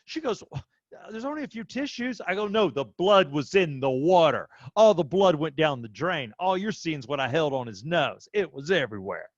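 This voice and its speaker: Male co-host, 30s, lively storyteller, dull lo-fi dry sound. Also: normal speed, few pauses, no echo. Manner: animated storyteller, voice jumps high when quoting himself. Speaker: podcast co-host. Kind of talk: casual chat.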